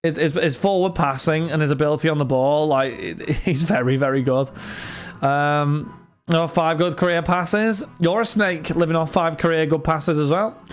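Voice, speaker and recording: Young guy hosting a live card-break stream, smooth clear voice, a bit high, chatty and rambling. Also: moderate pace. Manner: chatty, addresses chat and viewers by name, frequent restarts. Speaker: livestream host running card breaks. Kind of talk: casual livestream chat.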